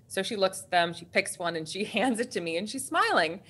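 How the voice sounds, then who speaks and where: Woman, 30s, coach guest; bright, animated storyteller. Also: medium pitch, quick pace, hardly any pauses, breathy edge. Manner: lively, laughing, animated storytelling. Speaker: executive coach and co-author. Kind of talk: storytelling in a webinar interview.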